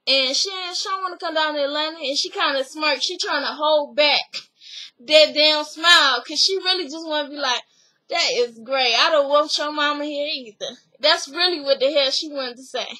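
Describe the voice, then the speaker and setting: A woman's voice: sits high, moderate pace, pushed and bright, rough recording. A young woman giving a blunt, chatty recap of a reality TV episode, swearing freely.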